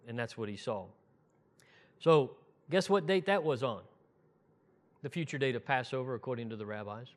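Male preacher, slightly high voice, relaxed teaching tone, hushed quotes. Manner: conversational teaching, drops low and soft for quotes. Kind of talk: sermon.

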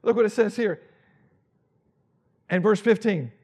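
A male pastor preaching a dramatic, animated sermon and acting out Bible scenes. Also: high-pitched, unhurried, slightly rough.

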